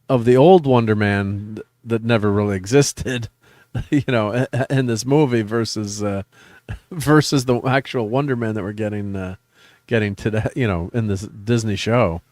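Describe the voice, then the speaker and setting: A man's voice: on the low side, no room sound. A man hosting a live stream, chatting casually about a show, hesitant, with many fillers, restarts and chuckles. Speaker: podcast host.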